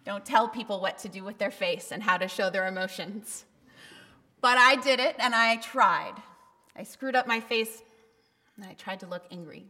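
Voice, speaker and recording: A woman's voice: medium pitch, normal speed, bright, forceful tone. A woman pastor giving a candid, conversational sermon with bursts of emphasis, recorded in a church. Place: church sanctuary. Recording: long reverb of a church hall.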